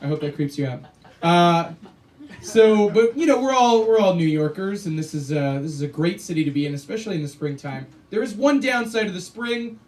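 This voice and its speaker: A man doing a stand-up comedy set on a small cafe stage, dry and deadpan with sudden loud punchlines. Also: high-pitched, brisk, distant mic.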